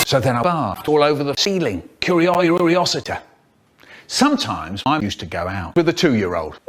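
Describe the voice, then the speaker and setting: Animated older storyteller. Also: male voice, mid-range voice, moderate pace, very noisy. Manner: animated, expressive, playful voices. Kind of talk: comic storytelling, cut up and remixed.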